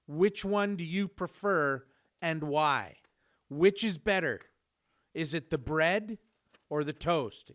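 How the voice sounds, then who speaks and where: A man in his forties hosts a casual podcast in a relaxed, joking way. His voice is smooth and resonant and sits a little high for a man. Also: takes it slowly. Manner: jokey, easygoing, with fillers. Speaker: podcast host.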